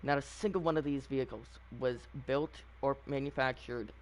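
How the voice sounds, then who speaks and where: A man's voice: medium pitch, normal speed. A man giving casual, opinionated commentary on a video game, rambling with frequent fillers and restarts. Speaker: gaming channel host.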